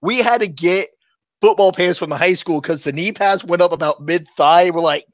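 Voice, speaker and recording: A man's voice: sits high, moderate pace, fairly bright tone, no echo. A man chatting casually on a live show, telling long rambling stories and chuckling often.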